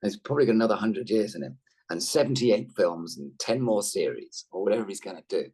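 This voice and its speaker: A middle-aged actor chatting on a video call, a rambling, self-deprecating storyteller with a lively delivery. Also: male voice, fairly low pitch, brisk, slightly rough. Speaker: actor guest. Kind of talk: casual interview chat.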